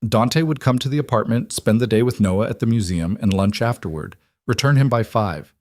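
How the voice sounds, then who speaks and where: A man narrating a romance story in a measured, even storytelling manner. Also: lowish voice, dry recording, studio quality.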